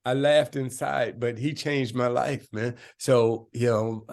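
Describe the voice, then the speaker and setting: An older man of about seventy tells his story as an interview guest. His voice has a gravelly rasp, and he speaks emphatically and streetwise, often tossing in "right?" to the listener. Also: medium pitch, steady tone, takes it slowly, a little mellow. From South Side of Chicago. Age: around 70. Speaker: guest, film director.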